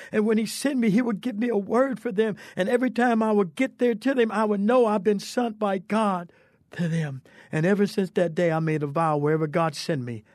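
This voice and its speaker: A male preacher giving an impassioned testimony and altar call, swinging between low and high tones. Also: dry recording, studio quality.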